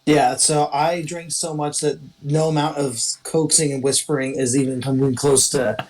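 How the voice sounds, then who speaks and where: A man playing a tabletop game, joking and expressive. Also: fairly high pitch, moderate pace, poor audio. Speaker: player.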